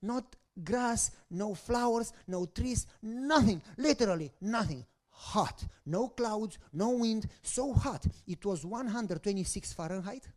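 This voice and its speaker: A man preaching a sermon, telling a story with rhetorical questions to the congregation and swinging between hushed lines and loud bursts. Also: high voice, expressive, slow, few pauses. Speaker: pastor.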